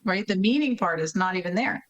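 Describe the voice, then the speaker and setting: A woman interview guest who directs a learning center, explaining in lively casual talk, acting out children and checking in with tag questions. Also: mid-range voice, a little fast, dull audio. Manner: animated, acts out children's reading with voices; frequent tag questions, laughs while explaining.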